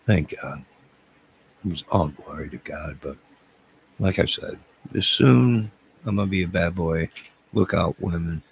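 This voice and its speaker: Comedy character: man playing a lonely bumbling loser, deep gravelly voice, stammering and boastful, with faint noise behind. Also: unhurried, pauses often. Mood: rambling. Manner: rambling, stammering, swings between bragging and apologizing. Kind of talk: comedic character monologue to camera.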